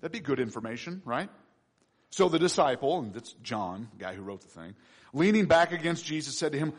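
A man preaching a sermon with emphatic delivery and sudden loud peaks. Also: on the high side, expressive, fairly quick, husky. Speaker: pastor.

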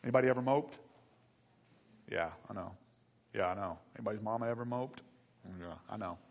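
A man preaching a sermon, asking the congregation and children questions and swinging between quiet asides and loud, emphatic build-ups. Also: on the low side, brisk, gravelly, long reverb tail. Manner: addresses the congregation and kids with questions. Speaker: pastor.

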